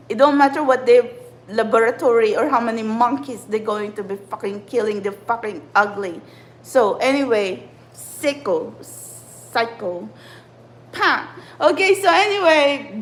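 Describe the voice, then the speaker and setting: A woman's voice: a little high, poor audio. A woman who channels spiritual messages, venting in an agitated, profane, rambling rant to her viewers. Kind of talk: angry spiritual vlog rant.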